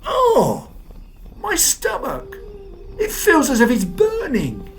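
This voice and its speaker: Panicky young lad in agony, pitched high, loud cries, voiced by a male narrator. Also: huge pitch swings, takes it slowly, soft background music, heavily acted. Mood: anguished. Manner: shrieking, crying out. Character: young man in pain, frightened and panicky.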